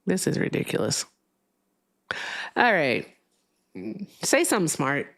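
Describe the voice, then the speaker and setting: A woman hosting a live call-in show, talking bluntly and sarcastically and cutting callers off quickly. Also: lowish voice, sing-song, a bit bright. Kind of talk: casual live-stream chat.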